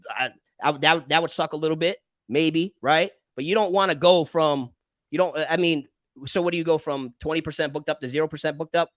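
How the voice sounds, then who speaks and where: Halting man, dry close sound. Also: a little high, a bit bright, no room sound. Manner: halting, restarts, explains step by step. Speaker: podcast host and barber. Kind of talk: casual debate conversation.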